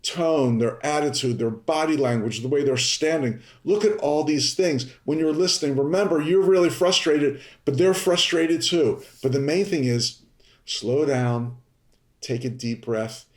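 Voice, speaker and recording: Emphatic man coaching in an echoey room. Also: on the high side. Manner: emphatic coaching, drawn-out repeated words. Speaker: podcast host. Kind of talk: instructional podcast talk. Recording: roomy echo.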